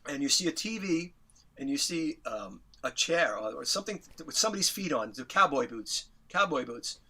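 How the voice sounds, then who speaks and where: Excited new york guy telling a story, kinda high bright voice, jumps way up when he quotes people. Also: normal speed, husky. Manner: excitable, acts out quotes with big pitch jumps, swears casually. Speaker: interview guest, musician. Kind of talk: animated storytelling.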